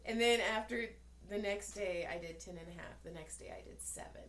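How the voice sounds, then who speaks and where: Animated storytelling woman in an echoey room. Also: medium pitch, fairly quick. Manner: animated storyteller acting out quotes, swears freely. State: tired. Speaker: podcast co-host. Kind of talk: casual storytelling chat.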